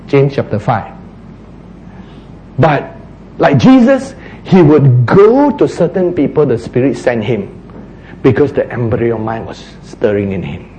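A man preaching a sermon, acting out quotes, sometimes shouting and then dropping to a hush. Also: mid-range voice, highs cut off, a little hiss or hum. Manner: animated, acts out quotes, shouts and drops to a hush.

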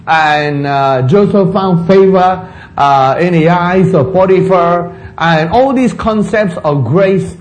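A man preaching a sermon in a church, speaking deliberately and asking rhetorical questions. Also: high voice, poor audio. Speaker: pastor.

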